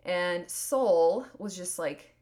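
A woman's voice: fairly low pitch, drawn-out words, a little mellow. A woman in her thirties hosting a solo podcast, talking earnestly and rambling, full of "like" and restarts. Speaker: podcast host. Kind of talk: casual solo podcast monologue.

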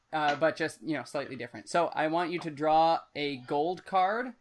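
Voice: medium pitch, measured pace, slight background noise. A podcast co-host bantering playfully and teasing the other host. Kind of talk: casual banter.

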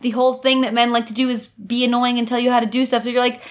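A woman's voice: on the high side, fast, hardly any pauses. A young adult woman co-hosting a casual movie recap podcast, blunt and sarcastic, swearing freely. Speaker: podcast co-host.

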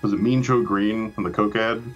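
A man co-hosting a casual chat, laid-back as he pitches ideas. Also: steady tone, moderate pace, highs cut off, soft background music. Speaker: podcast co-host.

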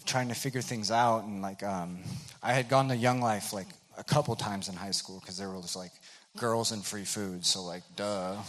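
A young man with a lowish voice telling a personal faith story. He talks loosely and conversationally, rambling and filling his sentences with "like" and "um.". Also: fairly bright tone. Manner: rambling, full of "like" fillers. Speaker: speaker sharing a testimony. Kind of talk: casual spoken testimony.

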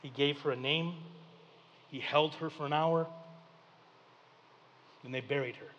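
A man preaching a sermon as pastor, talking in plain folksy speech and moving between loud, lively preaching and quiet, hushed storytelling. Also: on the high side, unhurried, muffled recording.

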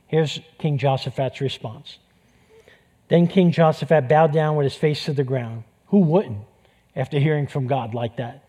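Impassioned New York preacher, higher voice. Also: male voice, normal speed, dark tone, slightly rough. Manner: impassioned, repeats phrases for emphasis. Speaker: pastor. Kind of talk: sermon.

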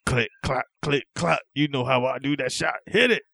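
A man's voice: mid-range voice, moderate pace, gravelly, slight background noise, pitched above the performer's own voice. A man voicing a swaggering male rapper with a pet cat, rambling boastfully and throwing in meows. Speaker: podcast co-host. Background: loud hip hop beat.

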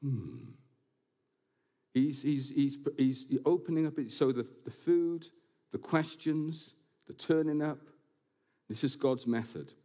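A man preaching a sermon to his congregation in a church building, animated and quick to slip in jokes and asides. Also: mid-range voice. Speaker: pastor.

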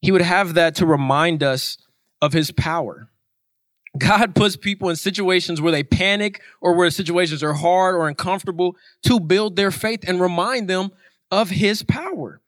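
An earnest man preaching a sermon, with a voice pitched a bit high for a man. He drives his points home by repeating them. The recording is close and dry. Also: normal speed, fairly bright tone, dry recording. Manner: earnest, emphatic repetition.

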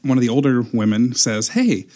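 A man's voice: lowish voice, a little fast. A young man telling a story in casual chat, acting out the quotes as he goes. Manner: animated storyteller, acts out quotes.

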